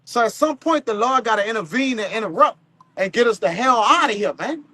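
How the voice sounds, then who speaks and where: A man's voice: very high-pitched, animated, a little fast, pushed and bright, no room sound. A man preaching at a live teaching session, speaking loosely with slang and profanity and chuckling between points. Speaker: street preacher.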